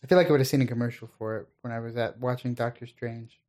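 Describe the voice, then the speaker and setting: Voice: mid-range voice, steady tone, fast talker, darkish tone. A speaker in casual conversation about films, dry and wry, steering the talk along. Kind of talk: casual movie chat.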